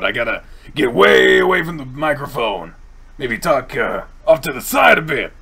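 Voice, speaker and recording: Gravelly man reading a game aloud. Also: mid-range voice, wildly swooping pitch, takes it slowly, pauses often, a bit bright. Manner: joking, laughs often, swears casually. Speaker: let's play streamer. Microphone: desk microphone, wearing one earbud.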